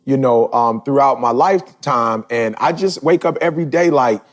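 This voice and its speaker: A man in his forties hosting a podcast, talking casually and emphatically, his voice building toward shouts. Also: medium pitch, moderate pace. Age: 40s. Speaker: podcast host.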